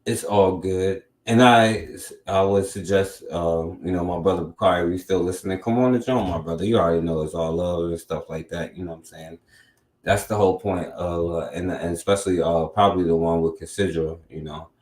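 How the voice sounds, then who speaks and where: A man with a very deep voice hosts a casual talk show, rambling loosely and tagging many of his sentences. His voice rings around an echoey room. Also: steady tone, a little fast, darkish tone. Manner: loose and rambling, lots of filler tags. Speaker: podcast host. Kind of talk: casual commentary.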